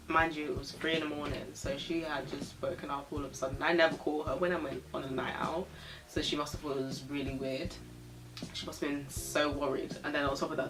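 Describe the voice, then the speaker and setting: Young woman chatting frankly, swearing freely. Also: low voice. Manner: sipping a drink while talking. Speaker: vlogger. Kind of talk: casual storytelling.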